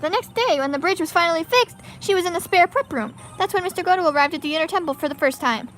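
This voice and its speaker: A woman voicing an excitable young female spirit medium as she reads game dialogue aloud, with an eager, pleading, upbeat manner. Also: extremely high pitch, fast, faint music behind, voice pushed up.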